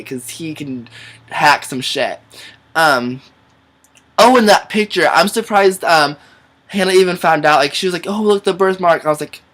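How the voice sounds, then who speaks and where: A young man in a casual vlog, recapping a TV episode in an excitable, chatty way, with lots of fillers and casual swearing. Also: on the high side. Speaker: vlogger.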